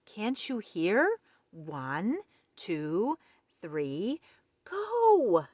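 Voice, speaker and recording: A woman's voice: a little high, huge pitch swings, unhurried, no echo, voice pushed up, exaggerated voice. Pushy eager otter, voiced by a woman. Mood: coaxing. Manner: bossy, encouraging.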